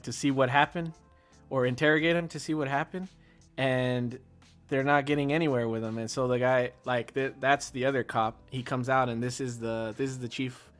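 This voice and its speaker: A man's voice: mid-range voice, clean tone. A man in casual chat, retelling a movie's plot and acting out lines with a raised voice. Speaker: podcast co-host.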